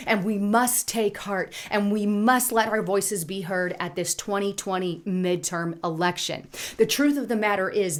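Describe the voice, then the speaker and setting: A woman hosting a political commentary channel, speaking urgently and indignantly while reading headlines. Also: medium pitch. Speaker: channel host.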